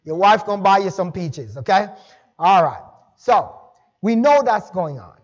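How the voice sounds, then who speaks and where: A man's voice: high-pitched, animated, measured pace, highs cut off. A male pastor preaching a sermon in a conversational, folksy way, with chatty asides to the congregation. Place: church sanctuary.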